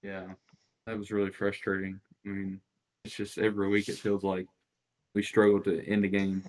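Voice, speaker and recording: A man with a notably low voice hosts a relaxed sports chat. He agrees easily with the others and moves the talk along to the next subject without fuss. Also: normal speed, poor audio. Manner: laid-back, agreeing, steers to the next topic. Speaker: podcast host.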